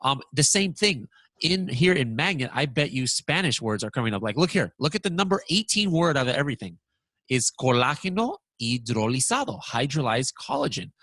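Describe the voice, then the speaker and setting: A man presenting a software walkthrough lesson, talking excitedly and stammering when surprised. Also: a little high, brisk, no room sound.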